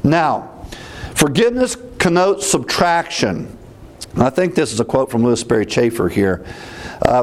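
A man teaching through Bible verses in a deliberate, emphatic way, repeating references as he goes. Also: medium pitch, big pitch swings.

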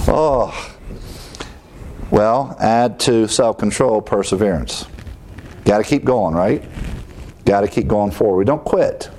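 A man preaching a sermon in a lively, animated way, his voice sitting at an ordinary middle pitch. He acts out little inner voices with sighs and exclamations as he teaches. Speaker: pastor.

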